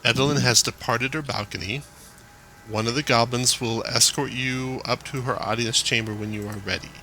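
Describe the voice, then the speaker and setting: A man narrating as game master, calmly describing the scene and prompting players. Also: medium pitch, a little hiss or hum. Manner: relaxed, measured narration.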